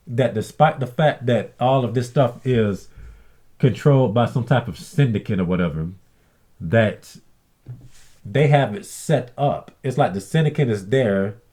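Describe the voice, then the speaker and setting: A man's voice: fairly low pitch, mellow. A man telling a story in a blunt, aggrieved casual rant, swearing often and acting out what others said. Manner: acts out others' lines in mimicked voices. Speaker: vlogger. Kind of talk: casual ranting monologue.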